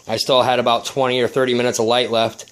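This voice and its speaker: Man, casual vlog, agitated, swearing, halting restarts, mid pitch, indoors at home. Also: flat delivery, fairly bright tone, clean tone. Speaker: RC plane hobbyist vlogger.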